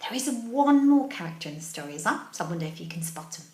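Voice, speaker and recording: A woman teacher reading a picture book aloud to young children, animated, asking them questions and dropping into whispers. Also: medium pitch, fast. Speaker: early-years teacher. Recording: roomy echo.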